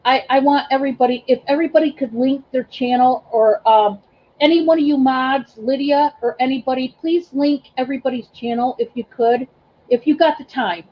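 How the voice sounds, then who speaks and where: A high-voiced woman hosting a livestream, chatting with her viewers in a warm, gushing way. She talks haltingly, full of ums and restarts. The sound is a bit dull and lo-fi. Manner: emotional, effusive, thanks chat by name. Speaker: livestream host and reseller. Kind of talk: casual livestream chat.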